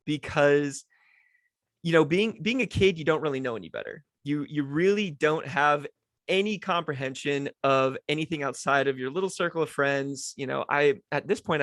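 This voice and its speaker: A man's voice: fairly high pitch, fairly bright tone, dry recording. A young man hosting his own podcast, telling a childhood story in a rambling, self-deprecating way with lots of restarts. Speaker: podcast host. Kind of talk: casual storytelling monologue. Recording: dry home setup.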